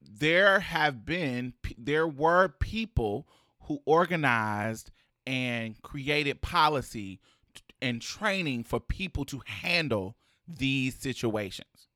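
A podcast co-host in casual chat about a TV episode, animated and quick to laugh, who turns earnest when making a point. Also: mid-range voice, no echo, clean studio sound. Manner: animated, slipping into quoted voices and laughter.

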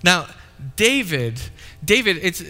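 A high, very bright male voice carries through a long, ringing hall reverb. He is a pastor preaching and tells the story in a playful way, often slipping into quick acted-out lines. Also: very animated. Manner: storytelling, acts out quotes playfully. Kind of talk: sermon with live demonstration.

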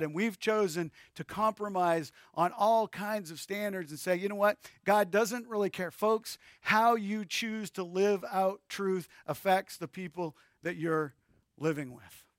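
A man's voice: a little high, no room sound, clean studio sound. A male pastor preaching a sermon with emphasis and addressing his listeners directly.

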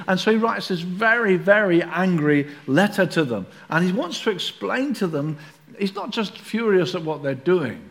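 A male preacher delivering a church sermon with a fairly high voice. He talks in an animated way and slips into the voices of the people he describes. His delivery is that of a pastor speaking from the front. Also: normal speed.

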